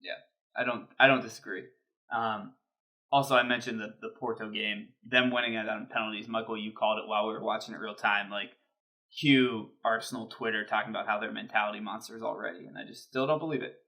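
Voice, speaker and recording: A man co-hosting a casual sports podcast, telling an animated story and swearing casually. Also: fairly low pitch, fast talker. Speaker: podcast co-host. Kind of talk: casual chat.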